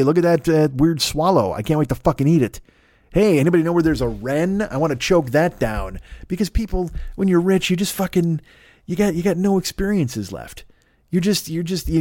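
A man's voice: medium pitch, darkish tone, no echo, clean studio sound. A man hosting a podcast, delivering a rambling, profane comedic monologue full of restarts and stammers. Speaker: podcast host.

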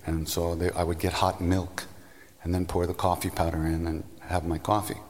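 A man giving a storytelling spiritual talk, unhurried, meandering and reflective. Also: low-pitched, little pitch movement, a little mellow, in a large hall. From United States. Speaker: spiritual teacher.

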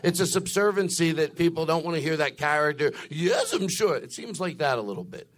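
A man's voice: a little high, quick pace, a bit bright. A man hosting a live comedy podcast on a club stage, teasing his guests and slipping into silly voices.

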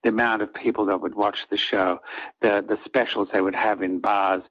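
An older man with a husky voice, a soap opera actor telling rambling anecdotes in an interview and acting out what others said. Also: on the low side, fairly even intonation, normal speed, muffled recording. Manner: rambling, acts out quoted lines of others.

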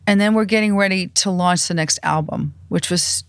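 An older woman in a podcast interview, telling industry stories in a lively way and acting out what others said. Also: fairly low pitch, moderate pace, clean tone, no echo. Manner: animated anecdotes, acts out quoted voices. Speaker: music industry publicist and manager, guest. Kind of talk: storytelling interview.

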